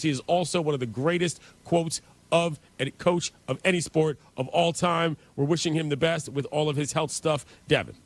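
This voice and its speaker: A man hosting a sports talk radio show in an upbeat, joking way. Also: fairly high pitch.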